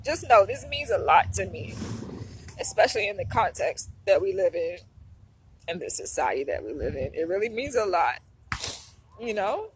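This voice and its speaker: A woman's voice: lowish voice, a little hiss or hum. A young adult woman talking to camera in a casual vlog while crying, heartfelt and rambling with many fillers. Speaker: vlogger and doctoral psychology student. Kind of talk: emotional casual vlog talk.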